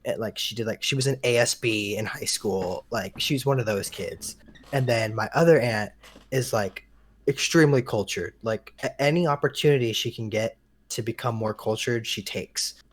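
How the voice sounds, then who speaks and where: A man's voice: medium pitch, moderate pace. A young man co-hosting a podcast, telling rambling family stories in casual chat and chuckling now and then. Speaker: podcast co-host.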